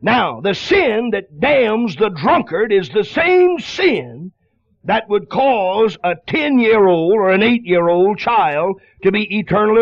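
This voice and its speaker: A man's voice: high voice, no room sound. A man preaching an impassioned, pleading sermon, on a dull lo-fi radio broadcast.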